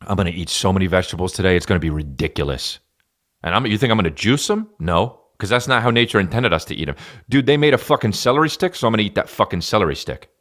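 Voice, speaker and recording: A man hosting a podcast, riffing in a rambling, profane comic style with sudden loud jumps. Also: fairly low pitch, animated, fast. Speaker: podcast host and stand-up comedian. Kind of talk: casual solo podcast rant.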